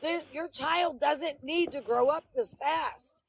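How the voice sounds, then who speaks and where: A woman's voice: high voice, slow pace, gravelly, poor audio. A woman on a live stream confronting someone, scolding and insistent, repeating her points.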